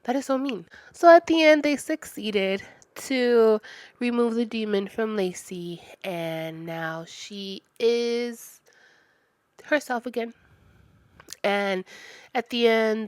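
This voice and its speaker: A woman's voice: mid-range voice, smooth, dry recording. Chatty woman reviewing a book. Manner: chatty, many "like" fillers, lively retelling. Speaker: book reviewer, channel host. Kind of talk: casual chat, book review.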